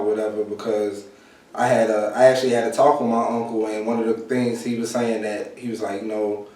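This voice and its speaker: A man talking in a relaxed, casual way as a guest, leaning on "you know" a lot. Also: on the low side, a little fast, slight background noise. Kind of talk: casual chat. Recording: very echoey room, distant mic.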